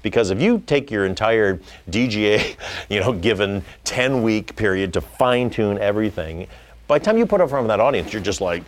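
A man's voice: fairly low pitch, a little fast. A middle-aged man, a film director, talking casually in an interview and acting out quotes as he tells stories. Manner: animated storytelling, acting out quotes. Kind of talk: conversational interview.

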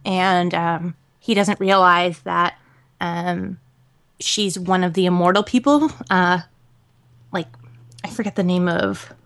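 A woman co-hosting a podcast in casual chat, talking in an animated, rambling way with lots of fillers and laughter. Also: lowish voice, slow pace, pauses often. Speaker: podcast co-host.

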